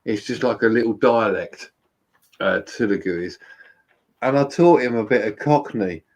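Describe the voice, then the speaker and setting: A man's voice: on the low side, normal speed, darkish tone. A man from England hosting a casual live chat, chatty and telling stories, sometimes quoting other people in voices. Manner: chatty, storytelling with quoted voices.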